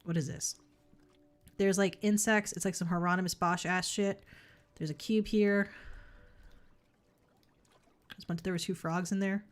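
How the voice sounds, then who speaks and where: A woman's voice: lowish voice, steady tone, a little slow, pauses often. Woman thinking aloud through a game. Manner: thinks aloud, chatty, offhand swearing. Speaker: game streamer. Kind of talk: casual let's-play commentary. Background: faint game music.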